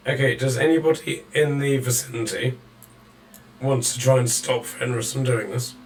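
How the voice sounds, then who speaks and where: A man acting as dungeon master, narrating and ruling on rolls in a relaxed way, laughing often. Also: medium pitch, moderate pace, a little hiss or hum. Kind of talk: running a tabletop game over voice chat.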